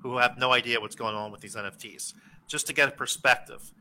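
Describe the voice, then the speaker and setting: Host, a man with a bright tone, asking plain questions. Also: mid-range voice, steady tone, brisk, rough recording. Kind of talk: casual chat.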